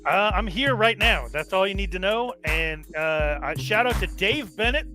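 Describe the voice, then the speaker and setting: A laid-back, joking man speaking as a guest on a chat show. His voice is bright and sharp, with lively pitch. Faint music plays behind. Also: normal speed. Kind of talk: casual chat.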